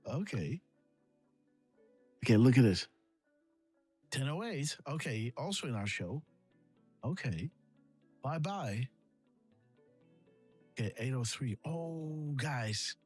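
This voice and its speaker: A man's voice: medium pitch, expressive, slow pace, long pauses, a little mellow, husky, faint music behind. Laughing man hosting a casual livestream. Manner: laughing, repeats himself, imitates sound effects. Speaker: livestream host.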